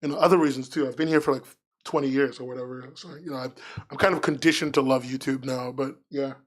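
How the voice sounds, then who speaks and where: A man's voice: mid-range voice, fairly even intonation, quick pace. A man streaming live, chatting casually in a rambling, frank, self-mocking way. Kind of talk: casual livestream chat.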